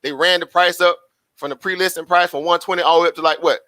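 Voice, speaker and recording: A man's voice: on the high side, steady tone, fast talker, bright, forceful tone, no echo. Chatty man trading live. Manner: chatty, repetitive, asks rhetorical questions, laughs often. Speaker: live-stream stock trader. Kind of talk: casual live-stream commentary.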